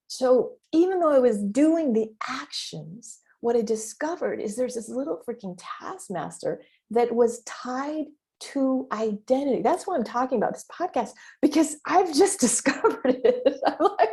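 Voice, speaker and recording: A middle-aged woman with a warm, mellow voice talks through a casual solo podcast episode. Her delivery is emphatic and animated, dotted with mild swearing and quick quoted asides of her own thoughts. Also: a little high. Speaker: podcast host and business mentor.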